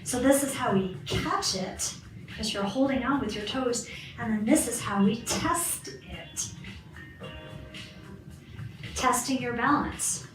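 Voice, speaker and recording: A woman's voice: a little high, takes it slowly, pauses often, over music. A woman fitness instructor leading a guided balance and stretching class, cueing moves and counting reps in an encouraging way. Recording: roomy, far from the mic, faint background hiss.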